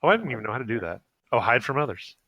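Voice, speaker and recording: A man's voice: mid-range voice, big pitch swings, very fast, no room sound, lo-fi sound. A man playing a tabletop game online, easygoing and lightly joking. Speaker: player. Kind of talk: casual chat during an online tabletop game.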